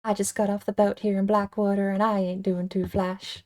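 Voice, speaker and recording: A woman's voice: mid-range voice, level tone, normal speed, a little mellow, close to an everyday voice. A woman doing a twangy country girl. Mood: folksy. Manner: folksy drawl with a put-on twang. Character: country girl newly arrived in a frontier town.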